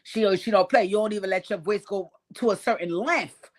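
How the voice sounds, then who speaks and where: A woman hosting a live stream, telling profane stories and talking to viewers in a casual, animated way. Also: mid-range voice, fairly quick. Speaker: host.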